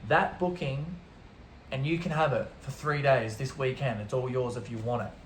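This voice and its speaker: A chummy hostel worker, as a storyteller quotes him, confiding and friendly. The voice carries in a roomy echo. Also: male voice, mid-range voice, fairly even intonation, normal speed, heavy background noise, close to an everyday voice.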